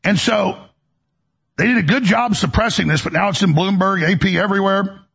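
With a raspy, gravelly voice, a male talk show host fires off a ranting political commentary, stammering and starting over. He speaks high-pitched and fairly quickly, with a slightly bright quality.

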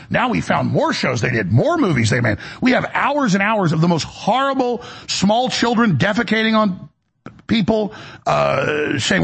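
A male show host rants into the studio mic with a heavily gravelly, husky voice. He rambles in an agitated way, repeats himself and restarts sentences over and over. His voice sits a little above the usual male pitch. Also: animated, moderate pace, fairly bright tone. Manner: agitated, repetitive, with many restarts. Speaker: radio and web show host. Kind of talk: rambling broadcast monologue. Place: broadcast studio.

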